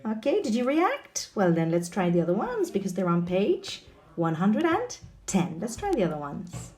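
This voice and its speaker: A woman teaching an online English lesson, asking the viewer questions in an expressive way. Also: mid-range voice, moderate pace.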